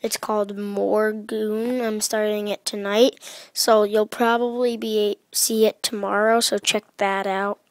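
A woman casually talking through her gameplay into her own desk mic, chatty and halting, often dropping to a hush. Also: mid-range voice, level tone, no echo. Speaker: gaming vlogger. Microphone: own desk microphone.

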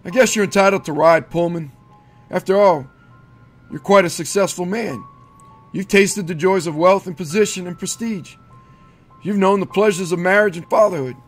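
This is a grinning devil conductor from a spoken horror story, put on by a man reading it. He talks smoothly and mockingly, never rushed. Faint music hums behind him. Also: high-pitched. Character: sly grinning male devil train conductor.

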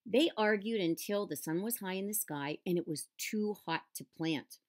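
A woman reading a children's picture book aloud and adding gentle explanatory asides. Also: mid-range voice, moderate pace. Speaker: storybook reader.

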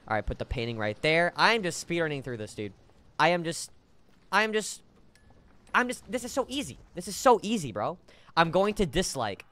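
Excitable high-voiced male streamer. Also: brisk, smooth, no echo, soft background music. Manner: excitable, joking, teasing the chat, sudden shouts. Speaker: game streamer. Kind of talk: live gameplay stream chat.

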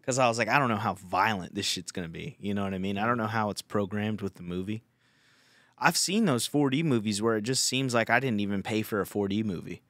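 A man's voice: on the low side, fast talker, a bit bright, no room sound. A young man hosting a podcast, telling a rambling, profane story in casual chat. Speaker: podcast host.

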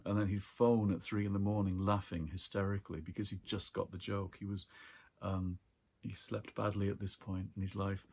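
A man casually chatting about books from his shelves, rambling warmly with fillers and small laughs. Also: on the low side, husky. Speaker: book vlogger. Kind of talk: casual book chat and reading aloud.

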